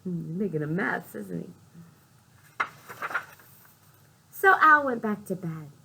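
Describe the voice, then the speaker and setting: Reading a picture book aloud to little kids, this female librarian takes her time, asks them questions and whispers at the tense moments. She has a lowish, very animated voice. There's noise in the background.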